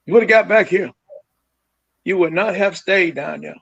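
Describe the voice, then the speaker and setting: A man's voice: sits high, moderate pace, creaky, fairly bright tone, husky. A man calling in by phone, speaking firmly and repeating lines for emphasis. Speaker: caller, grieving father. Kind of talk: phone call on a livestream. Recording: muffled phone-line audio.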